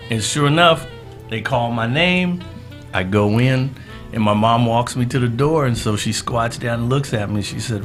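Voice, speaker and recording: A man in his fifties from Southern California, a guest telling a story with animated delivery, often acting out other people's voices with a laugh in his voice. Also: mid-range voice, normal speed. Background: background music.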